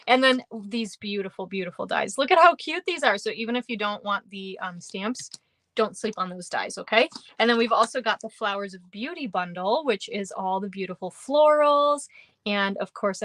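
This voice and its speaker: A bubbly woman leads a live craft demonstration, chatting easily and laughing often as she greets viewers by name. Her voice sits at a middle pitch and is recorded close and dry, with no room sound. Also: a bit bright, dry recording. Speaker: craft class host.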